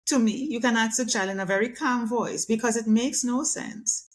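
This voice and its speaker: Middle-aged woman guest, lively, does little voices when she quotes people, slightly high. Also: moderate pace. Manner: animated, acts out quoted voices. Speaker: guest, communication specialist. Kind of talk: conversational interview.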